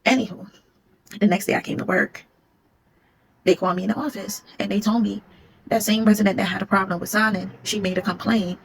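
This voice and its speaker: A woman's voice: medium pitch, fairly even intonation, fairly quick, long pauses, slightly rough, poor audio. A woman telling a story in a blunt, emphatic, conversational way. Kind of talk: casual storytime.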